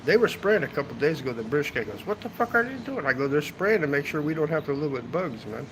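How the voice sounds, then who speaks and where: A man's voice: a little high, expressive, fast talker, background noise. Rambling, foul-mouthed man on a rooftop. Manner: rambling, profane, tags sentences with "man". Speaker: travel vlogger. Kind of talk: casual livestream chat. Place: hotel rooftop seating area, outdoors.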